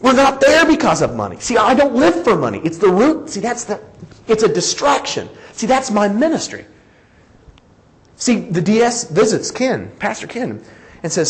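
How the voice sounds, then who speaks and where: A man's voice: high-pitched, normal speed, low-quality recording. A man preaching a sermon, acting out quoted dialogue and chuckling as he goes. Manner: animated, acts out quoted dialogue, chuckles often. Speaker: pastor.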